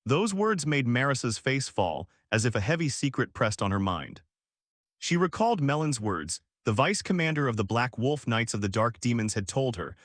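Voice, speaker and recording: A man narrates a comic story recap from a script, in a lively storytelling manner. His pitch moves around with animation, and the recording is close and dry. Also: normal speed, dry recording.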